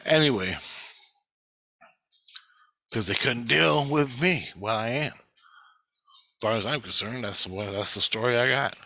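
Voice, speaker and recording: A man's voice: medium pitch, slow pace, pauses often, sharp tone, no room sound. A middle-aged man talking in a rambling, profane, intense personal monologue as a vlogger.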